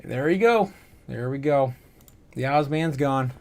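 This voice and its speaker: A man's voice: mid-range voice, measured pace, darkish tone. A man hosting a casual livestream, reading out chat comments and news with lots of fillers and frequent laughs. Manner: rambling, laughs often, many fillers. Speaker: crypto livestream host.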